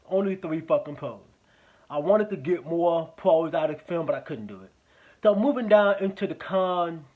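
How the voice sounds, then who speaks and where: A man's voice: sits high, narrow, tinny audio. A man giving a casual spoken movie review, rambling, swearing often and repeating himself.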